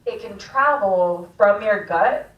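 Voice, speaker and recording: A woman doing a stand-up set at an open mic, deadpan and laughing at her own jokes, recorded in the back room of a restaurant. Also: medium pitch, takes it slowly, highs cut off. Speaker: stand-up comedian. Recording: echoey room, far mic.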